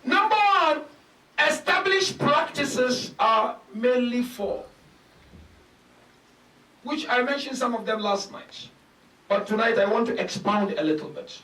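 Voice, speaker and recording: A man with a very high, bright voice preaches slowly and deliberately, counting out his points and asking rhetorical questions. His emphatic delivery swells to shouted peaks. He sounds far from the mic in an echoey hall. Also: animated. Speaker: sheikh giving a lecture. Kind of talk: sermon. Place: large mosque hall.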